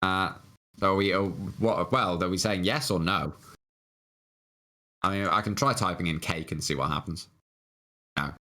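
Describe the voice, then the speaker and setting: Man in a casual game stream, lower voice, reads on-screen text, hesitant fillers. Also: a little slow, long pauses, pushed and bright. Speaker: game player on a live stream.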